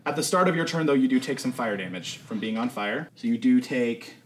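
A man running a tabletop game as game master, narrating and explaining the rules in a relaxed, casual way with many fillers. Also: medium pitch, brisk. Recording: echoey room with faint noise.

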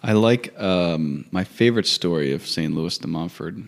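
Deep-voiced male co-host, 30s, joking storyteller in casual chat. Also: normal speed.

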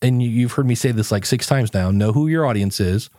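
A man's voice: medium pitch, brisk, dark tone, dry recording, clean studio sound. A man guesting on a podcast, telling stories in a casual chat and acting out his own quotes.

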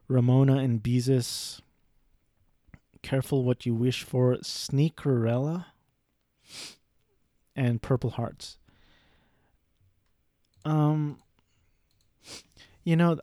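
A man's voice: medium pitch, dark tone, no echo, clean studio sound. A man talking casually and rambling through a movie review, swearing and poking fun at himself. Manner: rambling, profane, self-deprecating.

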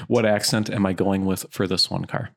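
A man's voice: low voice, moderate pace, vocal fry, a loud crowd. A man co-hosting a podcast, chatting casually and joking while reading movie blurbs aloud. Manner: animated, jokey, reads movie blurbs aloud. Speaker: podcast co-host.

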